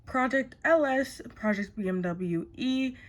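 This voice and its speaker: A woman's voice: high voice, unhurried. Chatty young woman vlogging. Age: young adult. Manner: chatty, thinking aloud with restarts. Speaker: author vlogger. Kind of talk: casual chat to camera.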